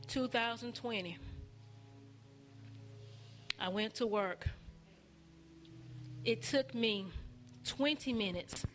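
A woman preaching a testimony sermon in a call-and-response style, repeating phrases and building up to shouts. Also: fairly high pitch, takes it slowly, pauses often, faint music behind.

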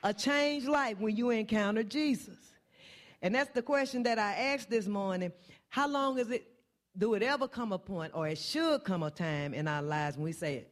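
A woman's voice: lively intonation, moderate pace. Impassioned woman preaching in church. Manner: impassioned, repetitive refrains, pitch climbing on key phrases. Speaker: church speaker. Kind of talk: sermon.

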